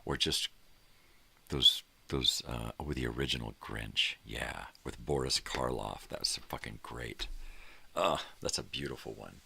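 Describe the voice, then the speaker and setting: A man's voice: a bass voice, unhurried, vocal fry, pushed and bright, slight background noise. An older man hosting a morning show, talking in a casual, rambling monologue full of fillers that trail off.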